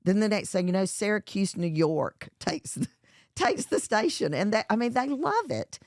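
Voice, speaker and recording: A woman's voice: medium pitch, very animated, normal speed, a little mellow, no echo, clean studio sound. A middle-aged woman with a Southern US accent, a chef and entrepreneur talking as an interview guest, chatty with many fillers and restarts. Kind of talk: casual interview talk.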